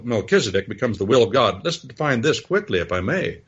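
A husky, lowish male voice gives folksy Bible teaching, wandering into stories and spelling words out loud. His pitch swings widely as he talks. The recording sounds dull and lo-fi. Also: big pitch swings, fairly quick. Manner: rambling storytelling with spelled-out words. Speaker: preacher.

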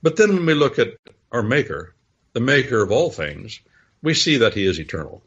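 A husky, lowish male voice gives folksy Bible teaching, wandering into stories and spelling words out loud. His pitch swings widely as he talks. The recording sounds dull and lo-fi. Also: very animated, moderate pace. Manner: rambling storytelling with spelled-out words. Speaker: preacher.

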